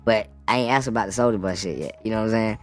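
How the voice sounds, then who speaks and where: A man's voice: on the low side, very fast, soft background music. A man telling his side of a story in casual chat, laid-back and slangy, often checking in with the listener. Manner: laid-back, slangy, keeps adding "you know what I'm saying".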